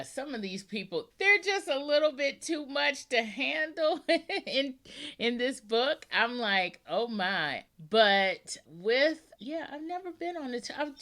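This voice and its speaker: A woman's voice: a little high, a bit bright. A woman hosting a book podcast in a chatty, rambling way, laughing often as she talks. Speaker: podcast host. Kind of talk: casual interview chat.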